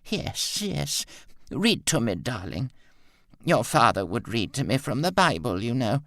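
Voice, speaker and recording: A man reading an audiobook, voicing a frail, confused elderly mother in a high, trembling, drawn-out voice. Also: sing-song, vocal fry, fairly bright tone, dry recording, clean studio sound, exaggerated voice. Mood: tender. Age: older. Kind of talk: audiobook character voice.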